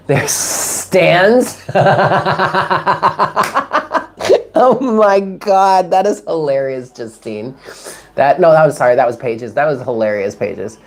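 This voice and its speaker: A woman with an unusually deep, low voice hosts a live tarot stream. She chats with viewers, reads their names from the chat and moves into spoken prayers and affirmations. Her tone stays affectionate and conversational throughout. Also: darkish tone, a little hiss or hum. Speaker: tarot reader.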